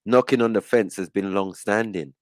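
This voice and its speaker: A man's voice: fairly low pitch, normal speed, no room sound. A man, a guest on a casual panel, explaining at length and checking in with his listener. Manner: explains at length, checks in with "right?" and "you get me".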